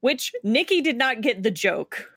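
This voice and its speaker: A woman's voice: on the high side, very animated, measured pace, fairly bright tone, breathy edge, no room sound, studio quality. A woman co-hosting a podcast in casual group chat, making wry, blunt quips. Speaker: podcast co-host.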